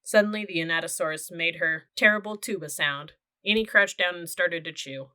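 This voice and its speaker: A woman narrating a children's audiobook with steady, clear storytelling. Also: on the low side, fairly quick.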